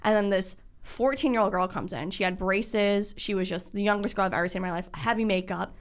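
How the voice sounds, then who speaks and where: A young woman in casual chat, telling lively stories and acting out what people said. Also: mid-range voice, a little fast. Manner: animated storyteller acting out quotes.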